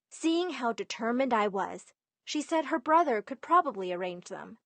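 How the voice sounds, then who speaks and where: A young woman narrating an animated story in a lively, emphatic way. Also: a little high, normal speed, no room sound.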